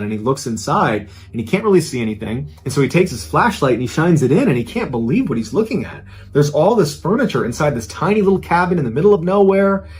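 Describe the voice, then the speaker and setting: A man narrating a ghost story in a conversational, suspenseful way, dropping low at tense moments. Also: breathy edge.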